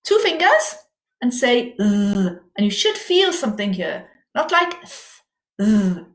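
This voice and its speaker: A woman teaching a beginner language lesson, slow and clear with lively encouragement. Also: fairly high pitch, slight background noise. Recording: echoey room.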